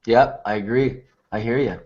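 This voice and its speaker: A man hosts a casual video chat, speaking in a relaxed, meandering way packed with filler words. His mid-range, somewhat mellow voice moves at a normal speed, and the web stream sounds muffled and lo-fi.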